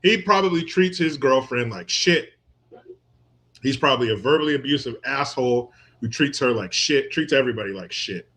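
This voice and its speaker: A man riffing in casual commentary, crude and joking, often breaking into laughter. His voice sits at an ordinary middle pitch, and he keeps drifting off into long, meandering stories. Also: animated, normal speed, a bit bright. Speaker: commentator reacting to a viral clip.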